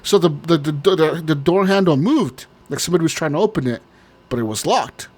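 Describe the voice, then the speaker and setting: A man with a slightly higher voice tells a long story on a casual podcast. He rambles, swears freely and often breaks into laughter. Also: animated, a little fast. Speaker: podcast co-host.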